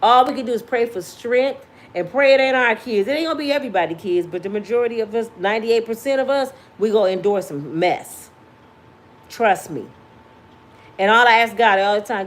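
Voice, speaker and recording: A woman in her fifties hosting her own vlog, talking straight to her viewers in a passionate, preachy way and sometimes yelling. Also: medium pitch, normal speed. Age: 50s. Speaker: vlog host. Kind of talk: casual talk to viewers.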